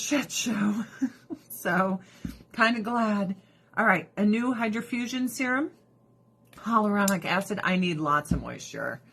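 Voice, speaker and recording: A woman vlogger chatting through her skincare routine, profane and sarcastic, breaking into mocking voices. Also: medium pitch. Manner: animated, drops into mocking voices. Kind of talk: casual rant during a skincare routine.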